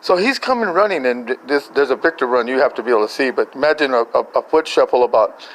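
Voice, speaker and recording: A man's voice: mid-range voice, expressive, fast talker, a bit bright, a little hiss or hum, rough recording. An older man, a grandfather, telling a family story in a casual voice message, rambling and chuckling through many restarts.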